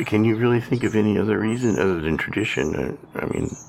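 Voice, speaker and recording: A very low, gravelly-voiced man trading dry, wry remarks as a podcast co-host. He talks casually, with faint hiss in the background. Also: expressive, fast, darkish tone. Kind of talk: casual conversation.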